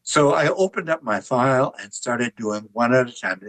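An older man, an author and artist, telling relaxed anecdotes with wry humor in an interview. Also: medium pitch, normal speed, no echo, low-quality recording. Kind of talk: conversational interview storytelling.

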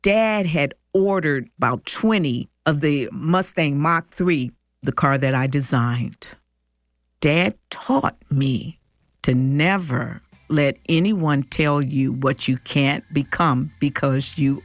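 A woman in her sixties from Detroit, slowly and warmly recalling her life in a heartfelt personal story. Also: low voice, no echo. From Detroit, USA. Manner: slow, heartfelt, reflective. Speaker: storyteller interviewed by family. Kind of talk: personal recollection.

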